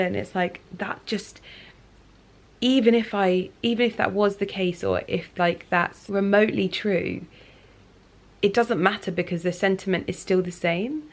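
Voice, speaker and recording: A woman's voice: medium pitch, fairly even intonation, a little slow, vocal fry. A woman in her thirties chatting reflectively to camera from her living room sofa at night, confiding and full of fillers. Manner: soft, confiding, many "like" fillers. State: emotional, near tears. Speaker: lifestyle vlogger. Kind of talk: casual reflective chat.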